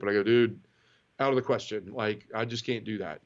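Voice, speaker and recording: A man with a lowish voice speaks fairly quickly on a lo-fi recording. As an interview guest, he tells his conversion story casually, frankly and emotionally. He's animated and acts out the quoted dialogue as he goes.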